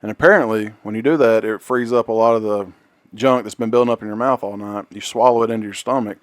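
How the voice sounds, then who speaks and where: A man's voice: on the low side, steady tone, quick pace, no room sound. A man co-hosting a podcast, chatting casually and animatedly retelling a comedy sketch through laughter. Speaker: podcast co-host. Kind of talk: casual chat.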